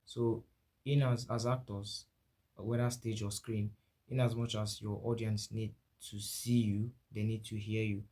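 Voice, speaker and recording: Man, Nigerian English accent, acting teacher, mellow tone, lowish voice, restarts sentences. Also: level tone, measured pace. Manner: repeats and restarts, often asks "right?". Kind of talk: spoken lecture to camera.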